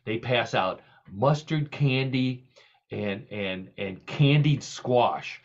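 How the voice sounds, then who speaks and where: A man's voice: medium pitch, slow pace, highs cut off. A man hosting a podcast in casual, comedic chat, telling jokes and laughing often. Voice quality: jokey, laughs often, tells gags. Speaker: podcast host.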